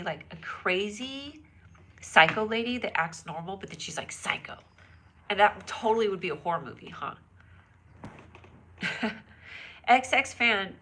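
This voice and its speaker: A woman's voice: mid-range voice, a bit bright, a little hiss or hum. A woman hosting a casual phone live stream, bubbly and giggly, chatting with viewers and reading their comments aloud. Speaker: livestream host. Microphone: phone camera.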